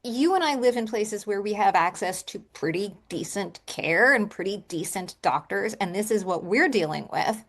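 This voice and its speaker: A woman's voice: mid-range voice, lively intonation, normal speed, few pauses, a bit bright. A woman hosting an interview, speaking conversationally and emphatically. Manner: emphatic, indignant asides. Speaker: podcast host.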